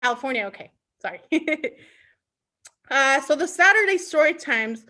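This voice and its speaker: A woman's voice: high voice, animated, normal speed, bright, forceful tone. A woman youth services librarian hosting a live online storytime, coaxing and talking directly to young children.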